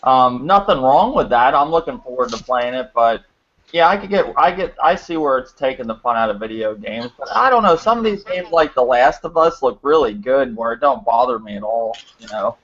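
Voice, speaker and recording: A man with a mid-pitched voice rambles through casual podcast chat, leaning on fillers. The recording is muffled and lo-fi. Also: animated, normal speed, a bit bright. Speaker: podcast co-host. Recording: muffled lo-fi audio.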